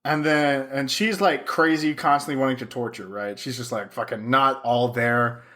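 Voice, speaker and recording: A man's voice: mid-range voice, moderate pace, fairly bright tone. A young man co-hosting a podcast, chatting casually, swearing freely and laughing often as he acts out lines. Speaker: podcast co-host. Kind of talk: casual chat.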